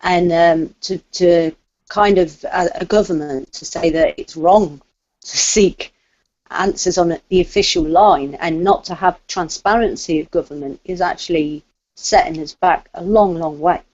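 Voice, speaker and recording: A woman speaks earnestly in a talk discussion, her voice a little low for a woman. The recording sounds dull and lo-fi. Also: steady tone, measured pace, a little mellow. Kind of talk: casual discussion.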